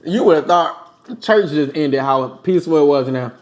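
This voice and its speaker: Young male host, high-pitched, animated and laughing as he spins a story over food. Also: moderate pace. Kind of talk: casual storytelling mukbang chat.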